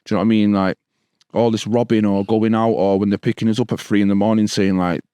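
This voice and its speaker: Speaking quickly and flatly in a lowish, mellow, smooth voice, this Stockport man in his thirties shares stories as a podcast guest. He has a Manchester accent and a casual street-slang manner, repeating "bro" and "do you know what I mean." The recording is dry.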